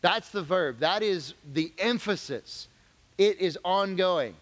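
A man teaching a youth group Bible lesson as a youth pastor, conversational and animated, rising to emphatic questions. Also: high-pitched, slow pace, in a large hall.

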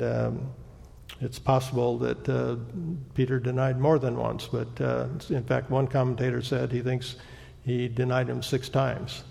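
A man preaching a sermon as pastor, with a halting, reflective delivery. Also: medium pitch, vocal fry, warm tone. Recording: long church-hall reverb.

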